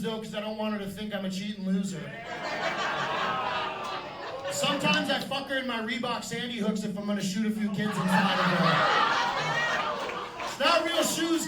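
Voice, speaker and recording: A man with a high voice works a comedy club stage, firing off dark jokes with a brash, punchy delivery. He sounds set back from the mic, with room echo around him and steady background noise. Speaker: stand-up comedian. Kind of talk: stand-up set. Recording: echoey club from a distance with noise. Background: audience laughter.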